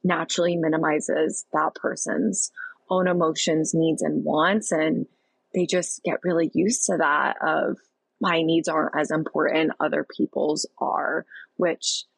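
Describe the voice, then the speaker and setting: A woman coach talks as a podcast guest in a deep voice with a husky, gravelly edge. She is earnest and affirming and uses many filler likes. The sound is dry and close. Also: little pitch movement, measured pace, no room sound, low-quality recording. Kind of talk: casual podcast conversation.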